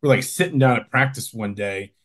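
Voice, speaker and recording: A young man co-hosting a relaxed college football chat, his voice sitting at an ordinary middle pitch. He circles his points with restarts and asides. He livens up whenever he tells a story. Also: brisk. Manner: rambling, many restarts, animated storytelling. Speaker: college football podcast co-host. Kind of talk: casual sports chat.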